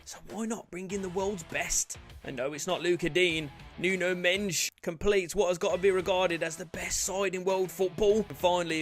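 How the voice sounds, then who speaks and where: Lad, high voice, shouty game commentary with cheeky jokes, faint music underneath. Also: male voice. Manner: loud outbursts, cheeky banter. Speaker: gaming YouTuber.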